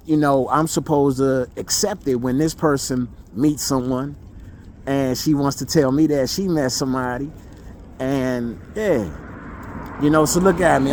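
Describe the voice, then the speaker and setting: Raw, high-voiced man venting. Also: background noise. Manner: raw, blunt, profane, repeats himself for emphasis. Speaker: vlogger. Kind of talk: emotional monologue.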